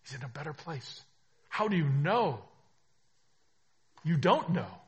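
A man preaching a sermon as pastor, swinging between hushed reflection and emphatic, rising declarations. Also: fairly high pitch, very animated, measured pace, husky, lo-fi sound.

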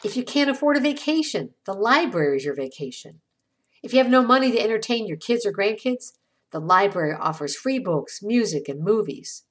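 A woman hosting a podcast, reading a scripted inspirational essay in a measured, reflective way, letting her phrases fall at the ends. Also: mid-range voice, very animated. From small town. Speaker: podcast host.

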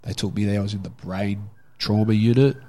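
A man's voice: lowish voice, steady tone, fairly quick, dark tone. A young Australian man telling a story from his own life in a casual, candid way, swearing freely. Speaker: guest.

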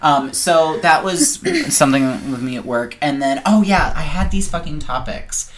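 A woman's voice: sits low, animated, normal speed. A woman hosting a casual podcast, rambling through stories, swearing freely and often circling back with "anyway". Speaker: podcast host. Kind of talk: casual chat.

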